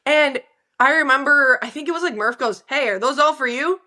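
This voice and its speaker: A young woman in her twenties, a hockey player guesting on a podcast, with a bright voice pitched a touch high. She tells her stories with plenty of energy, laughs often and acts out the lines of the people in them. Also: a little fast. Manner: animated storyteller, laughs often, acts out quotes. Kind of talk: casual interview chat.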